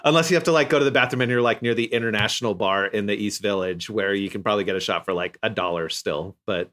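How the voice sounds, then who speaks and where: Male co-host, bright sharp tone, easygoing rambling chat. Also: fairly low pitch, fast. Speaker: podcast co-host. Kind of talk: casual chat.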